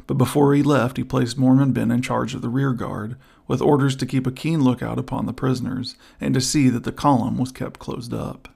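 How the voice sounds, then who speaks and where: A man narrating an adventure audiobook in a steady, even reading. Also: mid-range voice, fairly quick, vocal fry, few pauses, breathy edge. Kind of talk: scripted narration.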